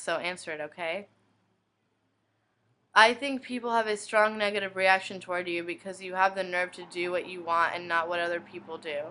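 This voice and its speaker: A woman's voice: lowish voice, bright, forceful tone, slight background noise. A young woman blogger reading inbox messages aloud one after another, in a plain reading manner. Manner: reads each message in turn, plainly.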